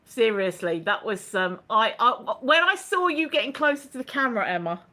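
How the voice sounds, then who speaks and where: A woman's voice: a little high, animated, normal speed, bright, forceful tone. A woman, hosting a casual livestream chat, rambling and laughing as she reads out viewer comments. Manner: chatty, laughs often, rambling asides. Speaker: livestream host.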